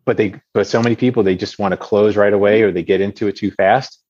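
A man talking casually as a guest, a coach who works with sales teams, blunt and energetic with casual slang. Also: fairly low pitch, fast, dull audio. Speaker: business communication coach, guest. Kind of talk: casual conversation.

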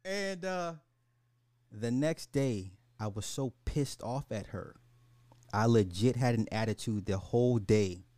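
Guy in his 40s on a podcast, telling stories, swears a lot, laughs, animated, dry close sound. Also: mid-range voice, no room sound. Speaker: podcast host. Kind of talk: casual storytelling over a live game.

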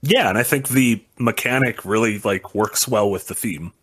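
Low-voiced man, hesitant casual chat. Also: moderate pace, a bit bright, husky. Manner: hesitant, many fillers and restarts, agreeable.

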